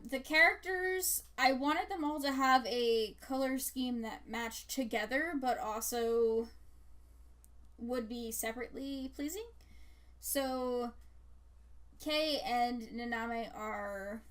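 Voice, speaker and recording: A woman's voice: a little high, a bit bright. A young woman artist chatting casually about her characters while she draws, rambling with lots of fillers and frequent giggles. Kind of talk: casual chat.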